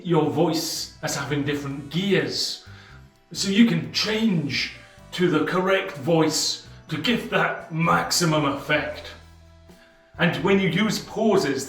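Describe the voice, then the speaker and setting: Measured man, roomy distant sound. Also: fairly high pitch, fairly bright tone. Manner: measured, with deliberate pauses and emphasis. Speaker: channel host summarizing a book. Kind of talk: explanatory book-summary monologue. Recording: roomy sound from off the mic, faint music.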